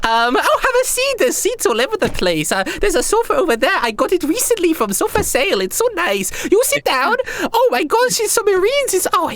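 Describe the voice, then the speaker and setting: A vain, fussy young emperor gushes over his guests in a squealing falsetto. His voice leaps all over the place, chatty and easily embarrassed. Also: sing-song, a little fast, hardly any pauses, fairly bright tone, exaggerated voice. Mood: giddy. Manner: high giddy gushing, rambling.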